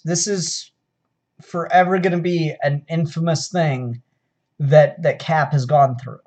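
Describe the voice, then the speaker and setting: A man's voice: fairly high pitch, darkish tone. Sarcastic guy rambling thru a comic review, exasperated, lots of ums. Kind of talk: casual solo review.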